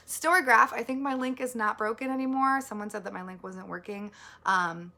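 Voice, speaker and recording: Casual woman book vlogger, rambling and filler-heavy, bright tone with vocal fry, earnest. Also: a little high, normal speed. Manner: rambling, filler-heavy, with many likes and ums; earnest and easily moved. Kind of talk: casual monthly book wrap-up.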